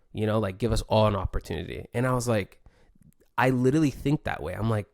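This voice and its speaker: A man's voice: on the low side, quick pace, creaky, a little mellow, no echo, studio quality. A man talking casually and reflectively, full of laid-back surfer slang and fillers. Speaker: pro surfer podcaster.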